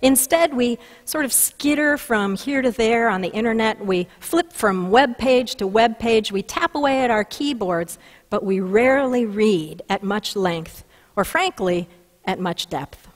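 A woman pastor preaches a sermon in a church, her fairly high voice carrying long reverb through the sanctuary. She tells her stories with lively emphasis and a homespun warmth of delivery. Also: unhurried. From Minnesota.

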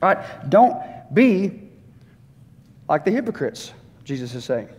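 Preaching in a church sanctuary with long hall reverb, this pastor has a fairly high, darkish voice that is very animated yet measured in pace. He talks conversationally, putting questions straight to the congregation and voicing brief quotes.

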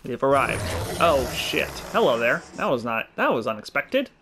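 A man's voice: medium pitch, big pitch swings, normal speed, gravelly, background noise. A man giving casual, joking gameplay commentary, swearing now and then and laughing at his own puns. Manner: chatty, swears, mock-corny jokes. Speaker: let's play gamer. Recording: game music behind voice. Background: game music and sounds.

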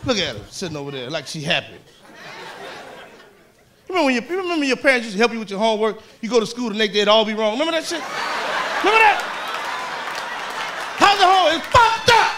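A man's voice: high voice, big pitch swings, very fast, over a noisy crowd. A man performing a live stand-up routine, telling rowdy, profane stories and mocking people in put-on voices. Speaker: stand-up comedian. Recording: live club recording with audience. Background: audience laughter and room noise.

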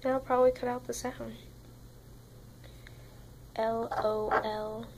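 A tired young woman talks to her camera in a rambling, foul-mouthed chat. Her voice sits high and has a gravelly fry. She is speaking indoors in a student room. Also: level tone, slow pace, very noisy. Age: young adult. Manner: rambling, swears constantly. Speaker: vlogger.

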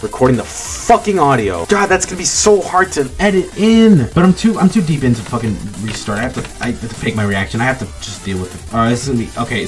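A man giving casual gameplay commentary, frustrated, swearing, and talking himself down. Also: mid-range voice. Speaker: gaming video creator. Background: faint game music.

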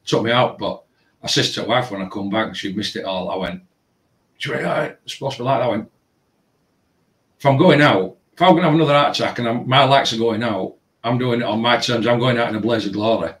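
A man's voice: mid-range voice, fast, far from the mic. A man, casually telling a long story with lots of filler phrases. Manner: rambling, animated retelling with filler phrases. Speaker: tattoo shop owner. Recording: roomy, from away from the mic.

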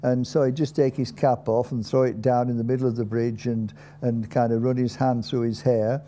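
Older guy telling old stories, really dark mellow voice, lots of uh's and pauses. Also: medium pitch, level tone, faint music behind. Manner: unhurried, halting with many fillers. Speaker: storyteller. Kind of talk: anecdotal storytelling. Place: country inn.

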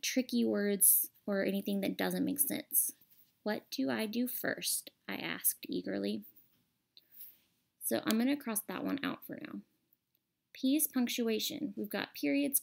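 A woman's voice: mid-range voice, gravelly. A woman teacher explaining a grammar lesson patiently and step by step over a screen recording.

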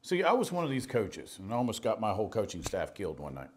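Preacher guy, middle aged, tells stories all over the place pitch-wise, gets loud then goes quiet. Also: fast. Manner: animated, jumps between loud and hushed, laughs at own stories. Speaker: pastor. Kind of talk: storytelling sermon.

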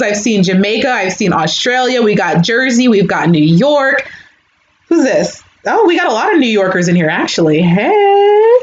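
A chatty young woman hosts a live stream, talking to her viewers in a casual way. The recording is a little dull and roomy, with a faint hiss behind her. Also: on the high side. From California, USA. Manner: chatty, animated, reads out viewer comments. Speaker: YouTuber hosting a live stream.

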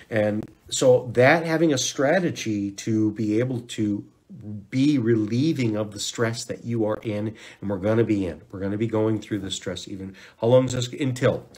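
Husky-voiced man hosting a health podcast. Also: on the low side. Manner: rambling and conversational, with hushed counting and shushing during breathing guidance. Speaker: natural health podcast host. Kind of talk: casual health podcast talk.

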